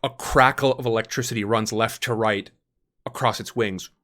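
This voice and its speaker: A man's voice: lowish voice, fairly even intonation, normal speed, fairly bright tone. A man narrating a tabletop role-playing game as game master, painting the scene in vivid detail with frequent ums and uhs.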